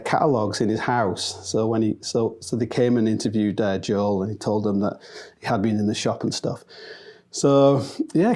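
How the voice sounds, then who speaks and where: A man's voice: medium pitch, a little mellow. Rambling English man telling a story. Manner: rambling, many fillers and restarts, laughs often. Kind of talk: casual anecdote monologue.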